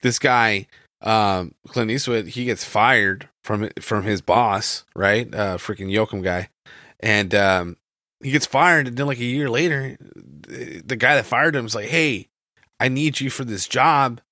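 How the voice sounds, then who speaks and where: Bright-voiced man in dry casual chat. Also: fairly low pitch, measured pace, no room sound. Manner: loose, rambling, many restarts and "like". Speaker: podcast co-host reviewing a film.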